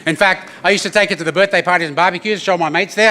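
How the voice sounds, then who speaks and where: Man, performer, brightish higher voice, playful crowd banter. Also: very fast. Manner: lively, joking, addresses the crowd with "yeah?" tags. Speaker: didgeridoo performer. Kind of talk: storytelling performance to an audience. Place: event venue with an audience.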